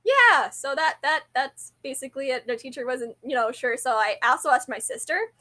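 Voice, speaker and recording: A woman's voice: sits high, animated, normal speed, bright, forceful tone. A young adult woman telling a rambling, self-deprecating story to camera, often correcting herself mid-sentence. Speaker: vlogger.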